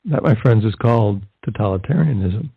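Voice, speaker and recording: Fervent male evangelist host, husky, dry narrow phone-like sound. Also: fairly low pitch, expressive, a little fast, no echo. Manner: fervent, full of rhetorical questions. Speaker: Catholic evangelist presenter. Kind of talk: podcast commentary. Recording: tinny phone-like line, dry.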